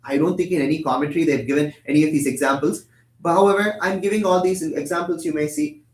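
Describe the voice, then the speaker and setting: Fast-talking young man giving a temple discourse. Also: a little high. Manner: explanatory, asks and answers his own questions; chants Tamil verses quickly. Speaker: temple lecturer. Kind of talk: religious discourse. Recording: echoey room.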